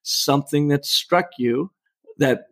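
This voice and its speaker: A man's voice: fairly high pitch, slow, gravelly, fairly bright tone. A middle-aged man, a storytelling coach, talking in a podcast interview with an emphatic, persuasive coaching tone.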